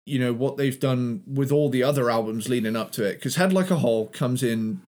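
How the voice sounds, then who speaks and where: A man's voice: medium pitch, fairly quick, darkish tone. A man from England with a light Cornish accent, co-hosting a podcast in casual chat, laughing and swearing as he tells stories. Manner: laughing, swearing, tangent storytelling. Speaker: podcast co-host.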